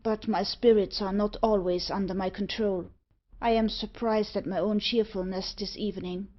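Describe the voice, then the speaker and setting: A woman voicing a young man in love, gentle and earnest, with a brooding streak. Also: medium pitch, fairly even intonation, normal speed, close to an everyday voice. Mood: tender. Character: young man, tender but brooding lover. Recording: slightly dull audio.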